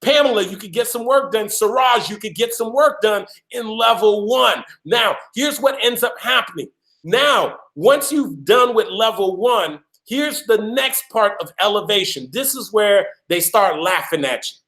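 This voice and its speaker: High-voiced motivational guy, punchy and repetitive, echoey room. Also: expressive, measured pace, a bit bright. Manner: emphatic, repetitive, calls out listeners by name. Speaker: motivational speaker. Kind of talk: motivational talk on a live call.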